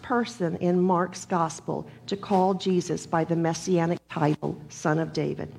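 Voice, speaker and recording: A woman preacher delivering a sermon in a measured, emphatic manner, leaning on repeated phrases and a gravelly voice. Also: lowish voice, darkish tone, slight background noise.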